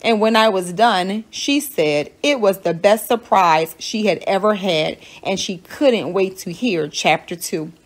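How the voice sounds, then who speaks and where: A teacher reading a children's novel aloud in a steady, clear storytelling manner. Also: female voice, medium pitch, a little slow, hardly any pauses.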